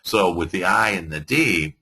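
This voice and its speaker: A man teaching a motivational seminar to a class, rambling and animated, laughing often. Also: sits low, unhurried, slightly rough. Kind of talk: motivational lecture.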